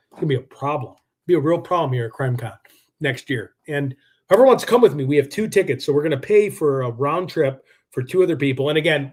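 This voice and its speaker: A man's voice: on the high side, a little mellow. A man hosting a live true-crime stream, rambling and combative, with lots of filler words. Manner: rambling, combative, heavy use of "like".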